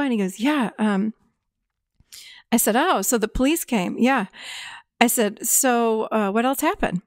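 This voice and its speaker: Middle-aged woman, fairly high voice, animated storyteller, dry studio sound. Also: unhurried, pauses often, no room sound. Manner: animated storytelling, acts out quoted lines, laughs often. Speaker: guest. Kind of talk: casual podcast conversation.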